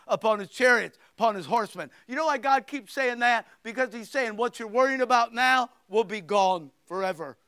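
Preacher, male: high and crisp, emphatic sermon delivery, dry close sound. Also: no echo. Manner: emphatic, swings from loud to hushed. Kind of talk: sermon reading scripture aloud.

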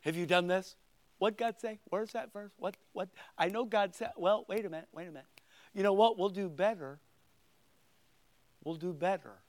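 An older man preaching a sermon, swinging between loud emphatic points and quiet conversational asides. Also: high voice, brisk. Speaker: pastor.

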